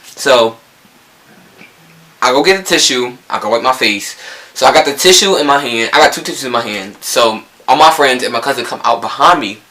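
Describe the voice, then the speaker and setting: Young man, New Jersey accent, bright voice, rambling casual storytime, acts out quotes. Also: medium pitch, moderate pace, poor audio. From Newark, New Jersey. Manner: rambling, animated retelling with quoted dialogue. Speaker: vlogger.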